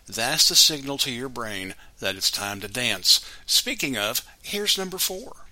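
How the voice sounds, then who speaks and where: A man's voice: medium pitch, expressive, a little slow, sharp tone, dry recording, low-quality recording. A man hosting a music show, introducing songs with wry, sarcastic asides in a casual scripted way. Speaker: radio show host.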